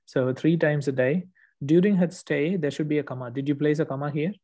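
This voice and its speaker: A man's voice: fairly high pitch, steady tone, brisk, warm tone. A man tutoring one student, correcting written work patiently and checking understanding often. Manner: patient, explanatory, frequent "okay" checks. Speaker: English test tutor.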